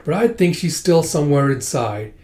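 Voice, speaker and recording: Cruel gloating male assassin, read by a man, mellow voice, roomy sound. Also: on the high side, very animated, normal speed. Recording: roomy echo.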